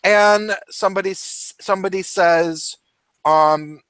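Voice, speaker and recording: A man with a fairly high voice in a casual, opinionated chat, heated and quick to swear. He stumbles and restarts his sentences often. His voice sounds close and dry, with almost no room sound. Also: fairly bright tone, no room sound. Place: home, cat nearby.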